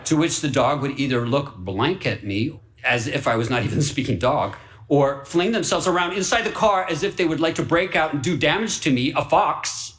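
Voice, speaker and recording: A man reading a fable aloud for radio in an earnest, wide-eyed way, dropping to hushed whispers and rising into excited bursts. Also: fairly high pitch, moderate pace, few pauses. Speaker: story reader.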